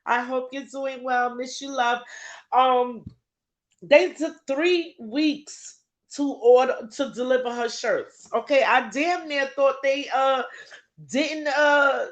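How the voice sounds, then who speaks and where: A woman hosts a casual livestream, talking straight to her viewers. Her voice sits a little high and her delivery is slow and unhurried. She laughs often and keeps up the chat as she fiddles with her broadcast settings. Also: steady tone. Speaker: livestream host.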